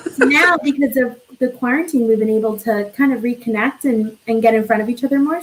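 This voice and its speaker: A young woman hosts a casual, upbeat chat, gushing warmly about her guest. Her voice sits fairly high and she talks in quick, bubbly bursts over a home video call. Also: rough recording. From New York. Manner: bubbly and effusive. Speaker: podcast host.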